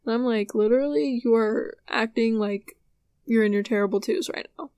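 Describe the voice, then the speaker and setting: A woman's voice: a little high, normal speed, a little mellow, clear, resonant tone, dry recording. Sleepy, chatty young woman. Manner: chatty, rambling, yawning and apologizing. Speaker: podcast host. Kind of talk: casual solo podcast chat.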